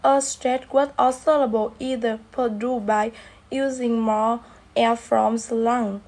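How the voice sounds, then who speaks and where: Brief: young female student presenter, slightly high voice, slow, hesitant read-through. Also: fairly even intonation, darkish tone, low-quality recording. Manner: slow, halting reading with restarts. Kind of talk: reading a class presentation.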